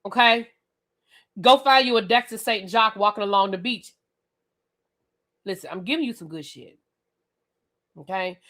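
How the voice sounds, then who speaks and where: A woman's voice: mid-range voice, normal speed, long pauses. A woman hosting a live reality-TV review stream on webcam, ranting bluntly and sassily straight at her viewers. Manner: animated, blunt and sassy, addresses viewers directly. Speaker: reviewer and channel host.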